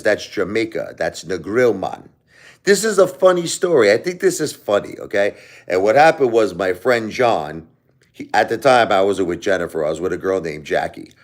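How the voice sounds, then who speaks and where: A man hosting a live stream, telling a story in a casual, jokey, rambling way. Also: lowish voice.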